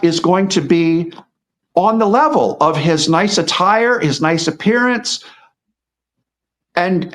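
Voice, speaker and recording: A middle-aged guest commentator talks informally in a voice that sits high and sounds a bit bright. He rambles, restarting sentences and repeating words again and again.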